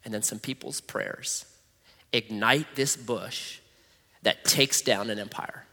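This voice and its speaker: A man preaching a sermon, reading scripture with animated, conversational, jokey asides. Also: lowish voice, takes it slowly, in a large hall. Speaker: pastor.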